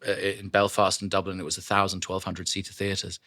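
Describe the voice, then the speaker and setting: A middle-aged man from London with an English accent, a guest actor in a studio interview, telling lively anecdotes and swearing freely. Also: low-pitched, fairly quick, dry recording. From London, England. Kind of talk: casual interview chat.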